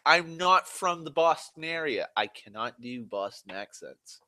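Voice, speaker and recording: A man's voice: mid-range voice, big pitch swings, a little slow, few pauses, pushed and bright, no room sound. A man from Massachusetts rambling casually on a stream, profane and self-mocking, a little tipsy on whiskey. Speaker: livestream host.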